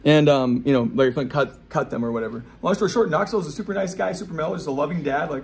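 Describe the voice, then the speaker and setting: With a slightly high, slightly mellow voice and a bit of hiss or hum on the recording, a forties-aged skateboarder and skate shop owner spins casual stories. They come out fast, profane, and meandering, with plenty of tangents.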